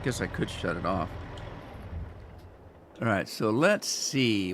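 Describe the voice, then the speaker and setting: A man's voice: lowish voice, animated, measured pace, fairly bright tone, slight background noise. A man hosting a gaming channel, chatting casually and rambling in a folksy way while he plays. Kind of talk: casual let's-play commentary.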